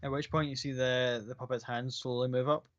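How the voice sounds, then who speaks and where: A man's voice: mid-range voice, little pitch movement, a little fast, a bit bright, dry recording, lo-fi sound. A man running a tabletop role-playing game as game master, narrating casually and descriptively. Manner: casual, descriptive, full of "like" and "kinda".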